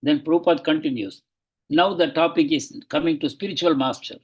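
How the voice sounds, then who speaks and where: A man's voice: on the high side, fairly quick, husky, poor audio. A man giving a devotional class, reading aloud from a biography and commenting on it in an earnest, explaining way, with frequent hesitations and bursts of urgency.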